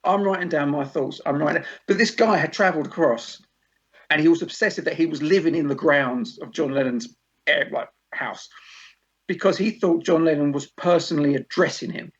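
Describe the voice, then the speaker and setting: A man hosting a podcast in casual chat, an animated storyteller who acts out quoted lines. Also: a little high, normal speed. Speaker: podcast host. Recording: dull lo-fi podcast audio.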